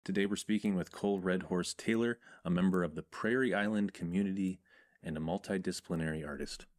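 A man hosting a radio program, reading the station intro in a measured, announcing way and then chatting with his guest. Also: sits low, darkish tone. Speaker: radio host. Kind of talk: radio host intro and chat.

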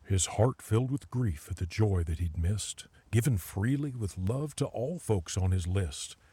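A man giving sing-song, expressive rhyming storybook narration for an audio drama. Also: on the low side, measured pace, husky, no room sound.

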